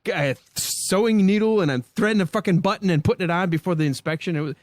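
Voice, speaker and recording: A man who hosts a podcast, telling a boot camp story in casual chat with a profane, animated manner. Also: high-pitched, quick pace, no echo, studio quality. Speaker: podcast host.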